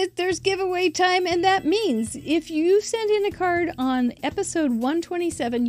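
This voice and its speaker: A middle-aged woman hosting a live crafting show, bubbly and chatty, laughing often and tripping over names. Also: high-pitched.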